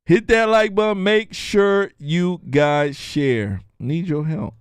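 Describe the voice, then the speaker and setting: A man's voice: high voice, slow pace, clear, resonant tone, no echo, clean studio sound. A man hosting his own show, delivering a mocking, jokey political commentary monologue. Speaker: show host.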